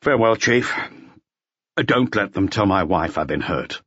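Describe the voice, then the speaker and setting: Man voicing a weary inspector, low voice, calm, resigned, dull audio. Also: measured pace, husky, no echo, exaggerated voice. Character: weary, shaken middle-aged male police inspector.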